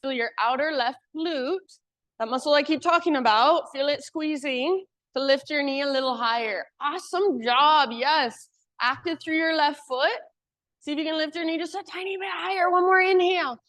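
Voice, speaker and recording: A woman teacher guiding a live yoga class with calm, encouraging cues. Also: sits high, moderate pace, no room sound.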